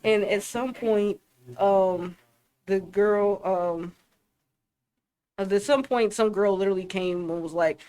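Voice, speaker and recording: A woman's voice: medium pitch, slow pace, pauses often, dark tone, clean tone. A young woman from Ohio with an Ohio accent, co-hosting a casual chat with chatty, giggly storytelling. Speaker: co-host. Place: library.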